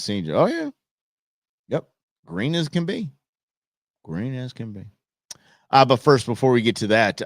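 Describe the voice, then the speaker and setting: Speaking in a lowish voice with no room echo, a man hosts a live talk show. He offers rambling, sarcastic political commentary in a casual way and keeps starting his sentences over.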